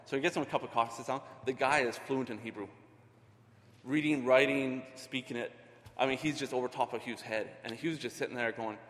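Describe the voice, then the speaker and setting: Middle-aged man, earnest conversational preacher, mid-pitched, long hall reverb. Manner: earnest, conversational, many restarts. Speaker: ministry leader. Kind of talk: sermon.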